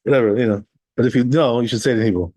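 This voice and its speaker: A man's voice: mid-range voice, rapid-fire, warm tone. A man, a rabbi, giving a conversational class on a religious text. He reads passages aloud, then explains them in plain English and keeps checking in with the listeners. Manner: explains step by step, often checking with "right?"; reads Hebrew and Aramaic text, then translates.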